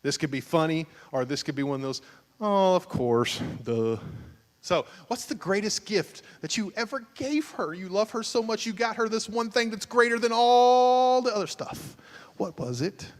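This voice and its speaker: A man's voice: high-pitched, lively intonation, moderate pace. A man, a pastor hosting a couples game show at his church, teasing and joking with the crowd. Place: church sanctuary, at the altar. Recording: long church hall reverb.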